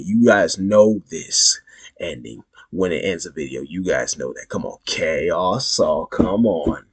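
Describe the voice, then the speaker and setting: A man's voice: fairly low pitch, slightly rough. A man hosting a reaction video, talking casually and hyping his viewers toward a call-and-response sign-off.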